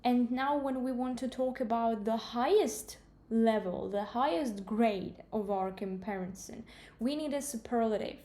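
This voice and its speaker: Slow, mellow-voiced woman teaching English. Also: sits high. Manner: slow, careful explaining with glosses in another language. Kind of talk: grammar lesson explanation.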